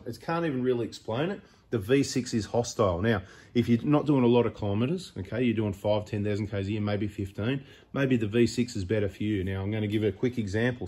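A man's voice: medium pitch, darkish tone. A middle-aged Australian man hosting a four-wheel-drive channel, giving chatty, opinionated advice full of rambling asides. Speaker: host of a 4x4 channel. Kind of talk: casual talking-head advice.

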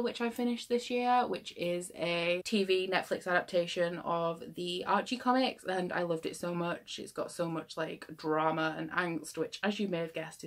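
A young woman book vlogger chatting casually to camera, gushing with enthusiasm and trailing off mid-thought. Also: fairly low pitch.

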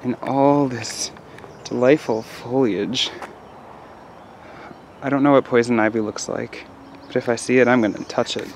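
Slow-talking goofy young man outdoors. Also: medium pitch, fairly even intonation, a little hiss or hum. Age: 20s. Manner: goofy, self-mocking, rambling. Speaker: vlogger. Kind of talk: joking outdoor vlog. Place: outdoors on a nature trail.

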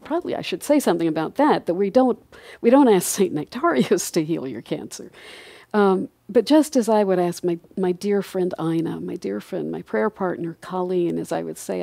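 A woman's voice: on the low side, expressive, normal speed, creaky, dark tone, no room sound. A middle-aged woman, a guest on a podcast interview, speaking in an earnest, reflective way and laughing lightly now and then. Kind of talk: conversational interview.

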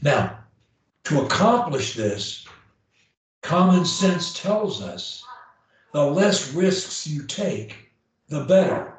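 A man's voice: fairly high pitch, very animated, drawn-out words, long pauses. A man coaching a client on her speech, blunt and emphatic, repeating key phrases to drive them home. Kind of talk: one-on-one coaching session. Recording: echoey room, far from the mic.

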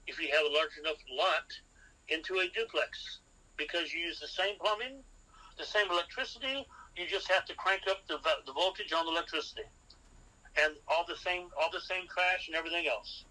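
Bright-voiced man giving real estate advice. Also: on the high side, fairly quick, poor audio. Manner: instructive, lays out numbered rules and checks in with "okay?". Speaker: real estate expert guest. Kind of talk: podcast interview, seminar-style advice.

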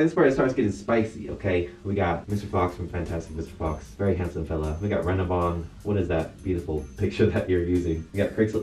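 A man's voice: low voice, a little mellow, recorded from a distance. A young man giving a casual, joking tier-list commentary as a YouTuber, playful and self-mocking.

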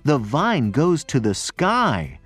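An eager young farm boy from a read-aloud storybook, pitched up and lively, as a man puts him on. He speaks slowly and plainly with a slightly husky edge. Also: soft background music, full character voice.

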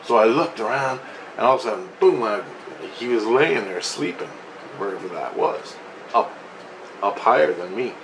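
A man's voice: medium pitch, expressive, normal speed, noisy background. A man telling a personal story in a rambling, agitated, profane way, restarting often. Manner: profane, agitated, restless retelling with frequent restarts.

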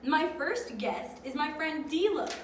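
A woman hosting a children's church program with an animated, sing-song delivery. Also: high-pitched, a little slow. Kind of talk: bright kids' show hosting. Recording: roomy and distant with background noise.

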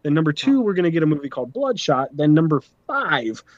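A man's voice: a little high, very animated, fast talker, dry recording, highs cut off. A man hosting a casual podcast, talking through his notes and giving his opinions freely. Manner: talkative, reads notes, opinionated. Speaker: podcast host.

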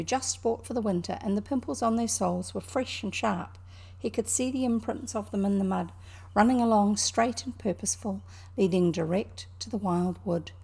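Gravelly-voiced woman reading aloud, New Zealand accent. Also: mid-range voice, warm tone. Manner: explains words to young listeners. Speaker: storybook reader. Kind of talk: reading a children's novel aloud.

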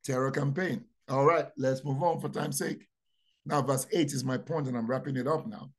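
A man preaching a sermon, repeating key phrases and asking rhetorical questions, dropping to quiet asides then rising to loud proclamations. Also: fairly even intonation, normal speed. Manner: dramatic, swings from low asides to loud proclamations.

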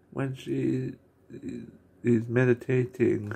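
A man casually narrating and describing a fan video, with halting phrasing that breaks off and restarts. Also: medium pitch, steady tone, a little mellow.

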